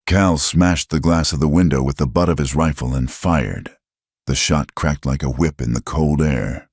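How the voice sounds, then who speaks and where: An extremely low, husky-grained male voice, a little mellow, narrates a scripted western story in a grave, measured way. The studio sound is clean, with no echo.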